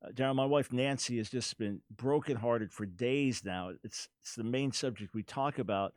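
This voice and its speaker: A man hosting a radio talk show, speaking earnestly and quick to jump in with his own points. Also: mid-range voice, no echo.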